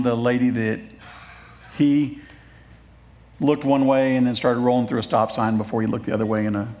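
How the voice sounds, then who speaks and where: Man preaching a conversational sermon. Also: medium pitch. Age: middle-aged. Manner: conversational, joking asides, warm appeals. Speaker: pastor. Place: church.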